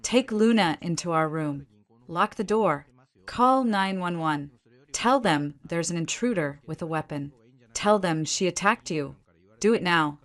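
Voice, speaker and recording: Woman reading a desperate young husband, lowish voice, forced calm, bellowing commands. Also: unhurried. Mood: flat commanding. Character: desperate young husband confronting his mother.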